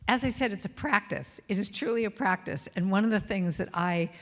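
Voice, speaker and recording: A woman's voice: mid-range voice, brisk. Middle-aged woman speaker at church, storytelling, singing bits, big hall echo. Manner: warm storytelling, sings lines softly. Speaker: guest speaker and singer. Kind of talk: sermon with sung chants. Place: church sanctuary. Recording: long hall reverb.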